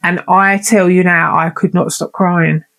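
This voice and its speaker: Heartfelt woman with a gravelly voice. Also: on the low side, fairly even intonation, a little slow, fairly bright tone. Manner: heartfelt, emotional, chatty. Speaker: podcast host. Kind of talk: personal storytelling.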